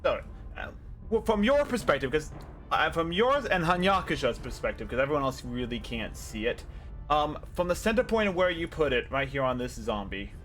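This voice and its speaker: Male game master, casual and self-mocking, voice a touch high, faint music underneath. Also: very animated, normal speed, a bit bright. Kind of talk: narrating a tabletop game.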